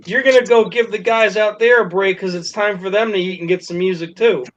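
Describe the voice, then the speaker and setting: In a dull lo-fi recording with faint noise, a man with a high voice talks a little fast with fairly even intonation. He's casually telling friends a story, laughing, swearing and acting out the quotes.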